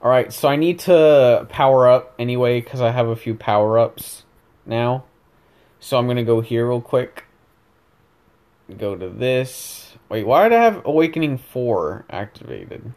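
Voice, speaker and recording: A man's voice: medium pitch, lively intonation, a little slow, darkish tone. A young man casually commentating his own gameplay, joking around, rambling and correcting himself as he goes. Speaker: gaming video host.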